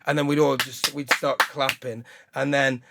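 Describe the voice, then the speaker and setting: A male stand-up comedian, chatting in a rambling, excitable way, often breaking into laughter and shouts. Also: mid-range voice, normal speed, creaky, very noisy. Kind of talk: casual chat.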